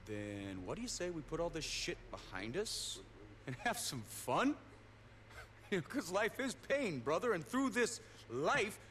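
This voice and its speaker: A man's voice: high-pitched, big pitch swings, a little slow, fairly bright tone, a little hiss or hum, heavily acted. An actor playing a brash, crude male biker gang leader in a video game cutscene, swaggering and preachy. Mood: coaxing.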